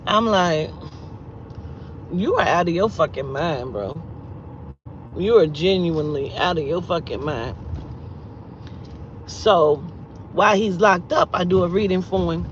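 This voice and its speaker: A woman's voice: fairly low pitch, measured pace, long pauses. Blunt, profane woman telling a story. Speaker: vlogger and spiritual reader. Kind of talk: casual storytelling to viewers. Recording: dull lo-fi sound with faint vehicle noise.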